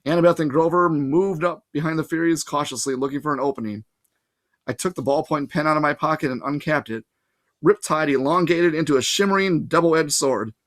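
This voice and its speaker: A man's voice: fairly high pitch, fairly quick, fairly bright tone. A man, possibly a teacher, reading a novel aloud to his listeners in plain first-person narration with casual asides. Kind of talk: storybook read-aloud.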